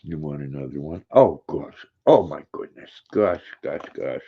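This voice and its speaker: An older man chatting casually on a live stream, greeting viewers by name and cooing softly to his dog. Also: a bass voice, lively intonation, unhurried, gravelly, husky, highs cut off.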